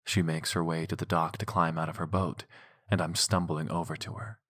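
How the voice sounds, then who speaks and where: A man narrating a romance audiobook in the first person, intimate with soft breathy passages. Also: rumbling low, level tone, brisk. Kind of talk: scripted narration of a romance novel.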